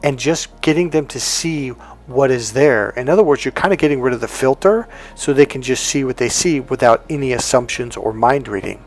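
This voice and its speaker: With few pauses and a fairly quick pace, a man in a mid-range voice coaches on relationships in a casual talk. Animated, he plays both parts of dialogues and keeps restarting and correcting himself.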